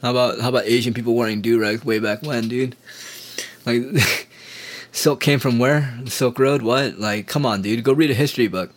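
A man's voice: medium pitch, steady tone, moderate pace. A man ranting in a casual solo monologue, profane, sarcastic and heated, just getting over a sore throat.

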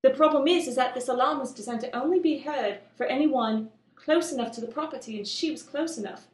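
A woman co-hosting a casual podcast, telling a creepy news story in an animated way and swearing freely. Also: high-pitched, fairly quick. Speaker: podcast co-host. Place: home room with poor soundproofing. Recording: echoey room.

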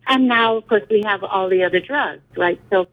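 A woman's voice: mid-range voice, moderate pace. A middle-aged woman talking candidly as a guest, in an earnest, emphatic way. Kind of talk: candid conversation. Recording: tinny phone line.

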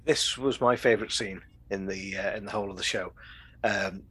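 A man's voice: lowish voice, fairly even intonation, moderate pace, a bit bright, slightly rough. A man co-hosting a podcast, chatting casually about a TV episode in a rambling way. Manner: rambling, acts out quoted lines. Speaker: podcast co-host. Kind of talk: casual chat reviewing an episode.

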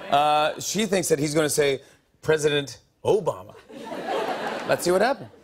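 High-voiced, laughing late-night host. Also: male voice, a little fast. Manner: energetic, laughing, joking with audience members. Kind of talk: comedy monologue and audience game. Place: TV studio with live audience. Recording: loud studio audience laughter and noise. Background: crowd laughing and cheering.

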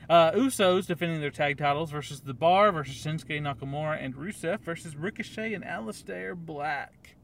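A man's voice: a little high, normal speed, gravelly, hardly any pauses, slight background noise. A man co-hosting a wrestling podcast, chatting casually and rambling with lots of ums and little laughs. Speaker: podcast co-host. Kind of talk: casual chat.

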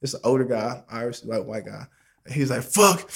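A young man in casual chat, telling a long story in a rambling, profane, slang-filled way with many fillers, and laughing loudly at the funny parts. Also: medium pitch, expressive, moderate pace, gravelly.

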